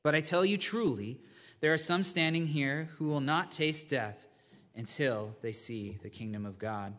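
A man preaching a sermon with a slightly high voice, in a church hall with a long, ringing reverb. He talks to the congregation in a conversational, plainspoken way and keeps checking in with them. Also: unhurried, fairly bright tone. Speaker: pastor. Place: church sanctuary.

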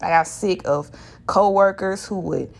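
A woman's voice: medium pitch, measured pace, vocal fry. A woman, hosting a podcast as a blunt, profane solo monologue. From Shreveport, Louisiana, US. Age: 30s. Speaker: podcast host.

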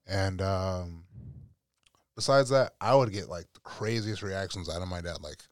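A young man, a podcast guest, chatting casually and telling animated stories with playful voice impressions. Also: low-pitched, measured pace, dry recording, studio quality. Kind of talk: casual chat.

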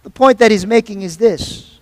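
Male pastor, high voice, repetitive, call-and-response sermon, heard off-mic in a long-echo hall. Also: moderate pace. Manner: preaching with call-and-response asides; repeats phrases for emphasis, some stumbles.

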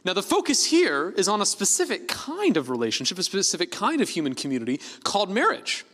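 Male pastor, easygoing sermon delivery, expressive intonation, recorded in a reverberant church hall. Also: high voice, a little fast. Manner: conversational, lively preaching with light laughs and self-corrections.

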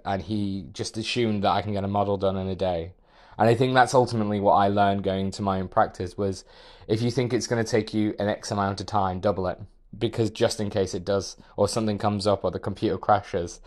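A young man, a podcast guest, telling a personal story in a measured, reflective way with hesitant restarts. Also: on the low side, a little mellow. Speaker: podcast guest, architectural designer.

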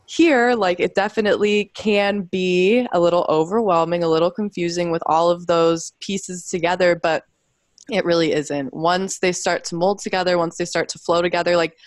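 Woman, podcast host, enthusiastic, casual, lowish voice, dry close sound. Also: steady tone, normal speed, no echo. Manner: enthusiastic, many likes, talks to listeners.

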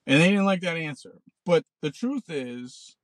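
A man's voice: a little high, very animated, measured pace, dry recording. A man in his forties hosting a podcast, ranting bluntly and sarcastically with plenty of swearing, recorded in a parked car. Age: 40s. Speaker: podcast host. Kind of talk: ranting casual monologue.

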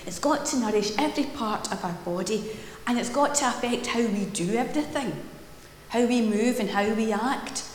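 A woman minister leading a prayer and giving a playful, animated children's talk in a church service. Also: a little high, slight background noise. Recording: echoey church hall with long reverb.

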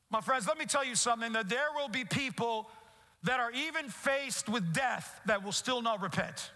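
A man's voice: very high-pitched, expressive, normal speed, pushed and bright. A man pastor preaching a sermon earnestly, often repeating and restarting his phrases. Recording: echoey hall with long reverb.

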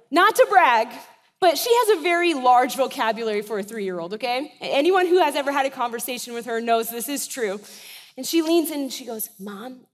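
Woman pastor in her 30s, high voice, chatty sermon, big echoey church. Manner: conversational preaching, checks in with the congregation.

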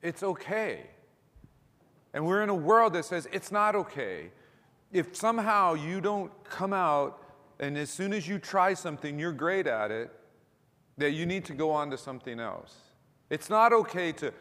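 A middle-aged pastor delivering a sermon in a conversational way, with restarts, asides and repeated words. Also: male voice, on the high side, a bit bright. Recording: long reverb of a large hall.

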